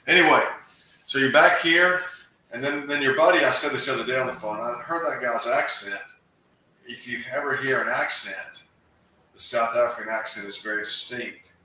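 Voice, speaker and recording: A man's voice: medium pitch, normal speed, bright, forceful tone. A man hosting an interview, telling stories and asking his guest friendly questions in a casual chat. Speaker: host and interviewer. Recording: very echoey room, distant mic, faint noise.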